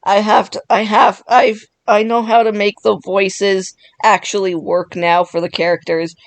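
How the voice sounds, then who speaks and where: A woman's voice: medium pitch, little pitch movement, measured pace, no echo. A woman YouTuber who is sick, casually commenting and reacting with disbelief. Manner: reactive, incredulous. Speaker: YouTuber playing with chatbots. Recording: dry.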